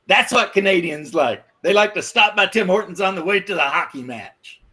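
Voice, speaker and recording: Bright, slightly husky American man; teasing, provocative podcast chatter. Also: sits high, lively intonation, normal speed. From United States. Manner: teasing, laughs often, mock-provocative. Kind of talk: casual podcast banter.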